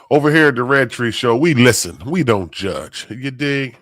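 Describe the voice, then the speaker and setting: A man's voice: medium pitch, animated, normal speed, few pauses, fairly bright tone, no echo. Sick man hosting a laid-back live stream. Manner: laid-back slangy talk, greeting viewers by name. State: sick, under the weather. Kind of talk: casual live stream chat.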